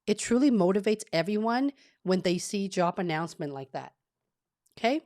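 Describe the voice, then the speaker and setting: A woman's voice: mid-range voice, animated, normal speed, a little mellow. A woman runs a casual live coaching stream, answering chat questions in an upbeat, talkative way and checking in with listeners. Her voice sits in a middle range. It is recorded close and dry, with no room echo. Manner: chatty and upbeat, with frequent "okay?" check-ins.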